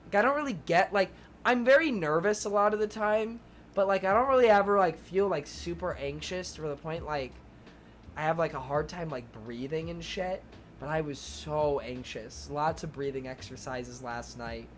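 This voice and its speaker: A young man on stream tells his live chat a long, rambling story, stuffing "like" into every phrase, swearing a lot and pausing to thank viewers. His voice is on the high side and a bit bright, at a moderate pace, with a little hiss or hum in the background.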